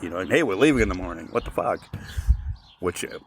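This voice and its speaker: He talks fast in a low voice, with faint background noise behind him. As a podcast co-host, he rambles casually through a lengthy tale, dramatizing the quoted dialogue animatedly.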